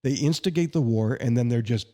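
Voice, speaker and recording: A man with a warm, relaxed voice at a middle pitch. He speaks as a candidate in a podcast interview, pressing his points with indignation and sarcasm. Between arguments he slips into chatty anecdotes. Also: fairly quick. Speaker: congressional candidate.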